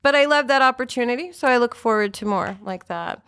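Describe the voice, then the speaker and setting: A woman guest on a podcast, talking in an animated, rambling way with lots of fillers and casual swearing. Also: a little high, fairly quick, clear, resonant tone, no echo, clean studio sound. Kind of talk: casual interview chat.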